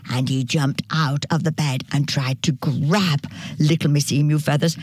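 A woman narrating a children's picture book with a slightly low voice. She takes her time, and her pitch rises and falls with the tale. The recording is close and dry. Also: husky, dry recording. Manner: slow, animated storybook narration. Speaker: storyteller. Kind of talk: reading a children's story aloud.

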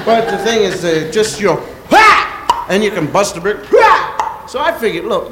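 Lively, chuckling male stand-up comic. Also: a little high. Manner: playful, chuckling through his bits, sudden shouted yells. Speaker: stand-up comedian. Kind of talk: stand-up routine. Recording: noisy live stand-up recording.

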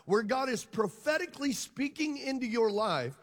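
Emphatic high-voiced man preaching in a hall. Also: animated, normal speed. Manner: emphatic, call-and-response with congregation. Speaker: pastor. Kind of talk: sermon. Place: church hall.

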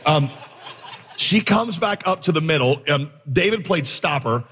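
A man preaching a sermon, telling a story with lively acted-out dialogue before turning to the message. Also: fairly high pitch, measured pace, slight background noise. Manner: animated storyteller, acts out dialogue. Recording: long hall reverb.

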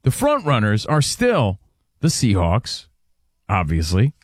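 A man hosting a sports talk show who steers the segment through its list. His pitch moves a lot as he talks. The sound is dry and close to the mic. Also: wildly swooping pitch, slow pace, husky, no echo. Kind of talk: lively sports radio banter.

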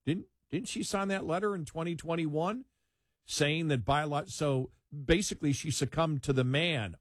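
A man co-hosting a talk show, speaking in emphatic, animated commentary with frequent laughs. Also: on the high side, moderate pace, dry recording, clean studio sound. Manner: animated, emphatic, laughs while mocking opponents. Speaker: co-host.

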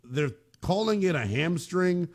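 A man's voice: sits high, animated, measured pace, darkish tone. A man hosting a sports talk radio show, giving blunt, impassioned commentary in a colloquial way.

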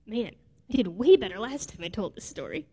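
A woman's voice: mid-range voice, lively intonation, brisk, warm tone, breathy edge. A woman preacher telling a personal story in a sermon, in a heartfelt way. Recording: long reverb of a large hall.

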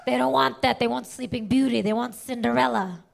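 A woman's voice: on the high side, a little fast, creaky, noisy background. A woman doing an ancient blunt chain-smoking boss. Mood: dismissive. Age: older.

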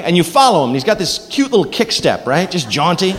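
A man doing a stand-up comedy set on a club stage, animated and leaping into loud voices for his bits. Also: on the high side, brisk. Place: comedy club stage before a live audience. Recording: live club recording with long reverb and noise.

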